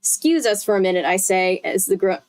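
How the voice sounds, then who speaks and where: A chatty young woman with a medium-pitched, lively voice reads a book aloud at a brisk clip. She's a streamer doing a casual live read-aloud, tossing in self-corrections and asides to her chat.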